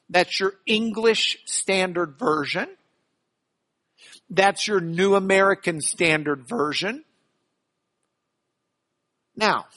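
A Bible class teacher lectures a roomful of students over a microphone, pitch swinging widely with animated emphasis. The voice is bright and sharp, and the pace is slow and deliberate as each idea gets spelled out with everyday examples. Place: classroom with audience.

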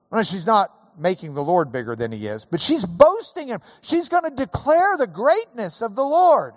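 A man preaching a sermon, slow and emphatic, building to raised emphasis on key points. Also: very high voice, huge pitch swings, dry recording, lo-fi sound. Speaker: pastor.

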